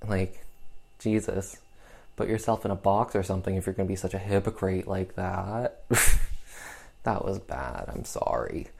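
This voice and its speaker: A man's voice: low voice, unhurried, creaky, pauses often, darkish tone. A man casually recapping an old film, rambling along with lots of fillers and sarcastic asides. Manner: rambling and chatty, full of "um" and "like". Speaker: podcast host reviewing a film.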